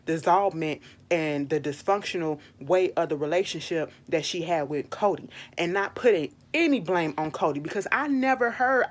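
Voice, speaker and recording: A young woman giving an exasperated, animated, swearing recap of a reality show. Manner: animated, exasperated, swears freely, jumps into high quoted retorts. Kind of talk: casual opinionated recap.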